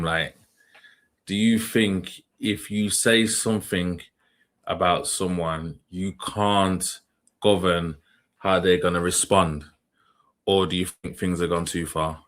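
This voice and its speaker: Deep-voiced man musing. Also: fairly even intonation, measured pace, fairly bright tone. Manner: musing, asks questions aloud. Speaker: livestream host. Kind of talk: casual reaction commentary.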